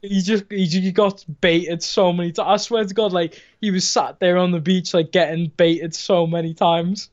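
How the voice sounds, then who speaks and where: A man's voice: sits high, steady tone, moderate pace, few pauses. A man co-hosting a casual live-stream chat, telling stories with laughs and peppering them with "bro". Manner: laughing storyteller, says bro a lot. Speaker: co-host. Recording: dull lo-fi call audio.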